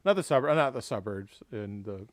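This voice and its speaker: A man's voice: on the low side, expressive, a little fast, no room sound. A man hosting a livestream raffle, bantering casually, joking and laughing often and swearing now and then. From Tampa area. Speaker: livestream host.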